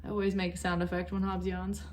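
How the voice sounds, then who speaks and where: Her voice is fairly low and darkish, delivered fast with a level tone, over slight background noise. She's a young woman in a chatty home knitting vlog who keeps wandering off topic in casual conversation.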